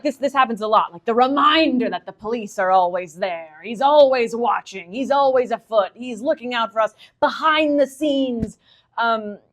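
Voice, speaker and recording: A woman speaker at a literary society meeting, answering audience questions in a chatty, enthusiastic way full of asides. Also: mid-range voice. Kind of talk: conversational lecture Q&A.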